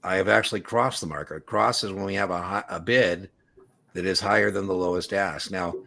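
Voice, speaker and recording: A man's voice: deep voice, steady tone, fairly quick, vocal fry, fairly bright tone. A man teaching an exam prep class in a casual, explanatory way, walking students through examples and analogies. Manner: casual explanatory, uses analogies and acted quotes.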